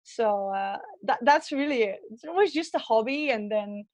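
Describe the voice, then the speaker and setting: A woman with a Dutch accent, a guest in an interview, telling childhood stories in an animated, chatty way. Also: a little high, normal speed, dry recording. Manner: animated storytelling with laughs and acted childhood quotes. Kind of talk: conversational interview storytelling.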